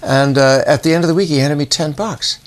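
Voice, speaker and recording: An older man, a theater artistic director, chatting eagerly in an interview and telling stories with quick restarts. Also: fairly high pitch. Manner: storytelling, enthusiastic, quick with restarts. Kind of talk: casual interview talk.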